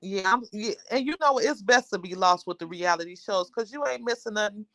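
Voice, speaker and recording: A woman's voice: mid-range voice, brisk, a bit bright. A woman hosting a casual livestream, chatting with viewers in a rambling, talkative way. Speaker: livestream host.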